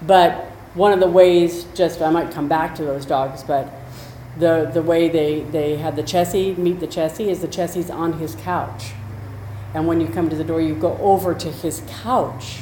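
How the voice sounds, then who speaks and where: A woman's voice: sits low, fairly even intonation, normal speed, dark tone. A woman explaining dog behavior in a chatty, conversational way, with storytelling asides. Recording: roomy echo, faint noise.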